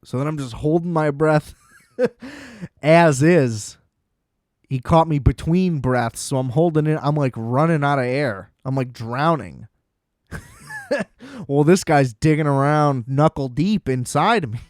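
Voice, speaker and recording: A young man hosting a podcast, telling a comedic story in an animated, self-deprecating way and acting out the quotes. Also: fairly high pitch, measured pace, no room sound, clean studio sound. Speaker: podcast host.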